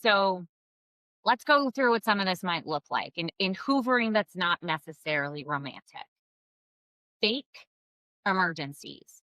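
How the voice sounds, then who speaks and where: A woman giving blunt, expressive co-parenting advice straight to her viewers, swearing freely. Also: fairly low pitch, normal speed, no room sound, rough recording. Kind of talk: casual advice to camera.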